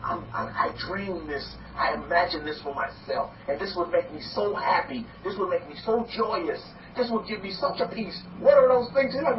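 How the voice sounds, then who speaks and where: A man teaching as a rabbi in a lively sermon, acting out quoted voices and repeating words as he goes. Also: high voice, moderate pace, hardly any pauses. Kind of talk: sermon-style teaching talk. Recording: echoey, distant, dull and slightly noisy.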